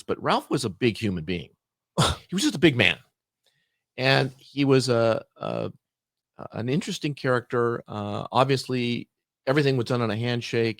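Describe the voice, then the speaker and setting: A man's voice: on the low side, dry recording, studio quality. A middle-aged man on a podcast, telling a work story in casual chat and acting out both sides of the dialogue. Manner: animated storyteller, acts out dialogue. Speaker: podcast guest.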